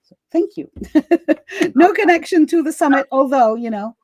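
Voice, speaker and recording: A summit host chats live over a video call in a high, expressive voice with a darkish tone, speaking a little slowly on a dry recording. She's casual and laughs often, with many fillers and restarts.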